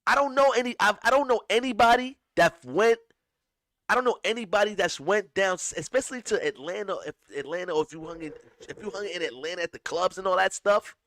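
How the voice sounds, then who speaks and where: A man's voice: high voice, fairly quick, a bit bright, no room sound. A man from upstate New York hosting a casual commentary, talking emphatically with many restarts, close to a dry mic. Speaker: host.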